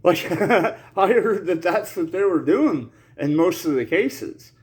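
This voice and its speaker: A man's voice: high-pitched, animated, slow, darkish tone. Coughing man rambling with nervous laughs. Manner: rambling, laughs nervously through serious talk, slangy. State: coughing, recovering from an illness. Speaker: channel host. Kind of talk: casual monologue to camera.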